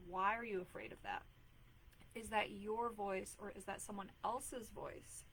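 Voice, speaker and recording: Brief: woman, thirties, casual live-stream coach, mid pitch, earnest and chatty, faint noise behind. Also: fairly bright tone, low-quality recording. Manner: earnest, chatty, many fillers and "like"s. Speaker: mom life coach hosting a live video.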